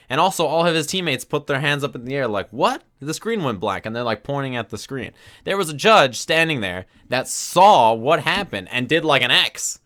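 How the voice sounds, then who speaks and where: A man streaming from his desk, retelling a tournament story in casual commentary and acting out the crowd's reactions. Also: medium pitch. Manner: animated, acts out crowd reactions with quick asides.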